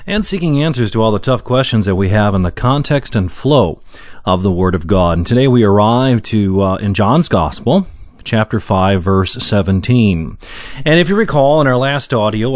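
A man teaching the Bible verse by verse in a measured, earnest way, with frequent fillers and slow emphasis on quoted verses. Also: on the low side, dry recording.

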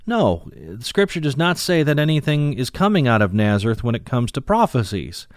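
A man teaching the Bible verse by verse, reading old-fashioned scripture aloud and explaining it with many pauses and fillers. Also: medium pitch, sing-song, no room sound, studio quality. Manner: reads King James verses aloud, then explains them with frequent "uh" fillers.

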